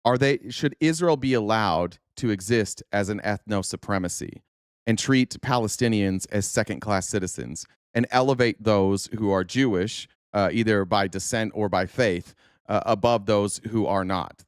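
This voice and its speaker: A man's voice: lowish voice, moderate pace, smooth, no room sound, clean studio sound. A man hosting a live stream, reacting to political clips with sarcastic, profane commentary.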